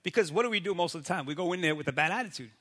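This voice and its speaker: A man who is a pastor giving a casual faith talk, animated and always checking in with "right?". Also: on the high side, very fast. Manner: animated, keeps asking "right?" and acts out quoted people.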